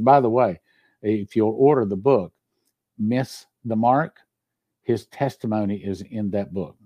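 A man's voice: mid-range voice, dark tone, no room sound. A male pastor delivering a sermon, telling stories earnestly and reading scripture aloud. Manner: earnest storytelling preacher, reads scripture aloud.

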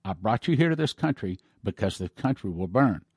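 A man voicing a stern male angel who gives grave warnings in a slow, commanding way. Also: on the low side, big pitch swings, a little mellow, slightly rough, dry recording, clean studio sound, heavily acted. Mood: solemn.

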